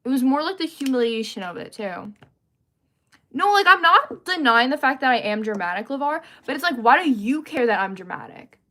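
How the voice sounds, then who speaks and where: A woman's voice: high-pitched, fairly quick. Chatty young woman livestreaming. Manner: animated, chatty, greets viewers mid-story. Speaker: livestream host. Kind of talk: casual storytelling livestream.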